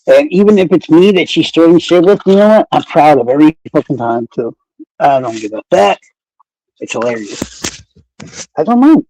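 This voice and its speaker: Guy streaming, rambly and sarcastic, lots of cursing, pretty high voice, dry close mic. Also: darkish tone, dry recording, rough recording. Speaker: true crime streamer. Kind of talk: casual live-stream chat with viewers.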